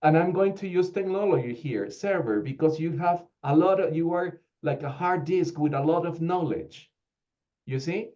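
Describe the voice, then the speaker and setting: A man from Peru leads an online teacher training session, firing rhetorical questions at his audience. His voice is mellow and low in brightness. The call audio sounds slightly dull and lo-fi. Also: normal speed. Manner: animated, rhetorical questions, acts out quoted teachers. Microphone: video call.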